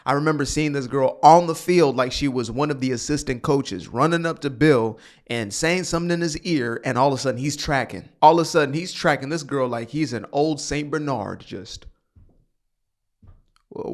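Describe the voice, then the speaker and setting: A man's voice: medium pitch, fairly quick, few pauses. A man hosting a casual reaction commentary, talking straight to his viewers with sighs and sudden bursts. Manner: animated, sighing, talks to viewers directly. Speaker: commentary channel host.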